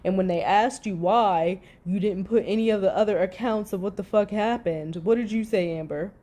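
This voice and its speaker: A woman's voice: mid-range voice, moderate pace, warm tone. A woman giving a profane, ranting reaction commentary, swearing heavily as she talks.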